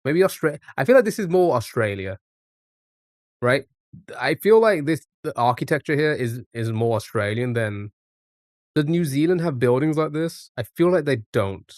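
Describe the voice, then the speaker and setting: A man's voice: medium pitch, animated, moderate pace, a little mellow, dry recording. Rambling man streaming with a dry mic. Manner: thinks aloud, rambling, many restarts and fillers. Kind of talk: casual live-stream commentary.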